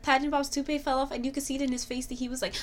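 A woman's voice: sits high, flat delivery, very fast. A young woman chatting casually about a TV show, swearing freely and filling her talk with "like". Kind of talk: casual chat recapping a TV show.

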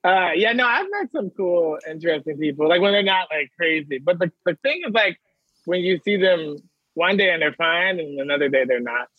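A man with a high, husky voice trades blunt, crude jokes in casual podcast banter. The recording is dry and a bit dull. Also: expressive, normal speed, no echo.

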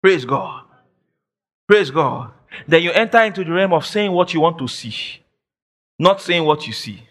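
A male pastor delivers a sermon in a high, animated voice that swoops all over. He presses his points by repeating phrases and breaks into shouted declarations. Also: fairly quick. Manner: quotes imagined listeners in mock voices.

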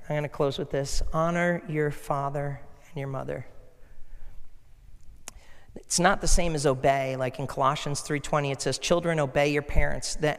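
A man's voice: fairly high pitch, clean tone. A middle-aged man preaching a sermon as a pastor, telling stories in an earnest, conversational way. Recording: echoey hall.

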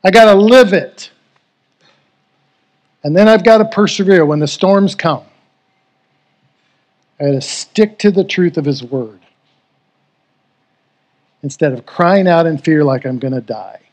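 A man's voice: on the high side, expressive, a little slow, pauses often, darkish tone. A middle-aged man preaching a sermon as pastor, earnest and emotional, telling a personal story and leading prayer. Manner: earnest, emotional, rising to fervent.

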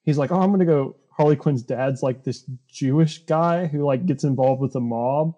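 Mellow young man in animated chat. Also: mid-range voice, normal speed, dull audio. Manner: animated, puts on silly voices when retelling scenes. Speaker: podcast co-host. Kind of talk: casual chat.

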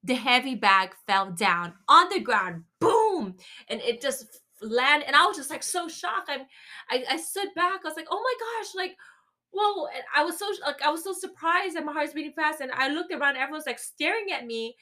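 A woman's voice: sits high, animated, moderate pace, sharp tone. A woman in her thirties hosting a faith-based podcast, telling a story animatedly with vivid exclamations and then turning to encouragement. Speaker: podcast host.

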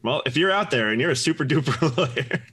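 A man co-hosting a podcast, talking in a relaxed way with lots of fillers and dry jokes. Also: medium pitch, fast, breathy edge. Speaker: podcast co-host. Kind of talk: casual chat.

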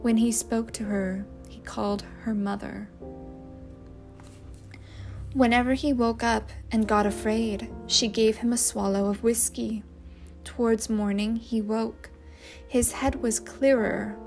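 A woman narrating a novel chapter in a measured, unhurried reading. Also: a little high, steady tone, gravelly, darkish tone, soft background music. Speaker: audiobook narrator. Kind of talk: scripted storybook narration.

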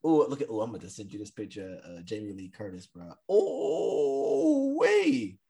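Guy cohosting a podcast, super animated voice, joking around and laughing. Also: on the low side, quick pace, breathy edge. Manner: animated, laughs often, slangy banter. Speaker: podcast co-host. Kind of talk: casual chat.

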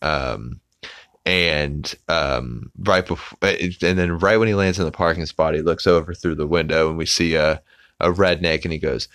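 Deep-voiced man rambling through a recap. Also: fairly even intonation, unhurried, a bit bright, no echo, studio quality. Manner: rambling, many fillers, swears casually. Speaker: podcast host. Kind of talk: casual episode recap.

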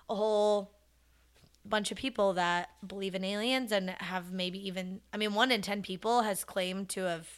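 Chatty giggly woman, bright voice. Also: mid-range voice, clear, resonant tone. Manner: chatty, giggly, lots of "like" fillers. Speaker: podcast co-host. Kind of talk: casual chat.

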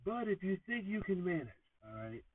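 A man's voice: big pitch swings, a little fast, a little hiss or hum. A man hosting his own podcast in a sarcastic, self-mocking joking monologue. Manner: sarcastic, self-mocking, theatrical swings in pitch and volume. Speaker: podcast host. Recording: tinny phone-like sound, distant from mic.

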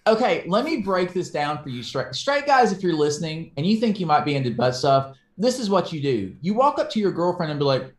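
A man's voice: a little high, very animated, fairly quick, hardly any pauses. A man co-hosting a casual podcast, teasing his partner and cracking crude, profane jokes. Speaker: podcast co-host. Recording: roomy echo.

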